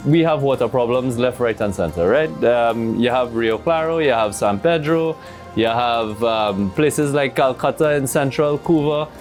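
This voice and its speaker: A man's voice: mid-range voice, a little mellow. A man with a Trinidadian accent hosting a farming show, asking questions in a conversational way, often ending with "right?". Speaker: TV host. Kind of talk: interviewing a guest.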